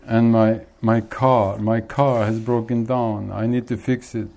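A man's voice: on the low side, flat delivery, a little slow, creaky, warm tone. A man doing a whimpering, desperate man begging God. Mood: pleading. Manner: whimpering, pleading.

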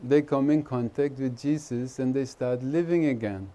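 A man's voice: medium pitch, normal speed, warm tone. A man with an Indian accent, a spiritual teacher giving an informal, teasing talk to a gathering and laughing often. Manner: chatty, teasing, laughs often, nonnative grammar.

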